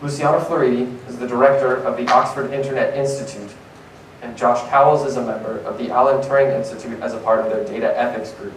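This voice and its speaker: A man's voice: medium pitch, fairly even intonation. Young man presenting in a roomy hall. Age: young adult. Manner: earnest, slightly halting with fillers. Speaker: conference speaker. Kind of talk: prepared presentation talk. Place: conference hall. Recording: roomy, distant mic, faint noise.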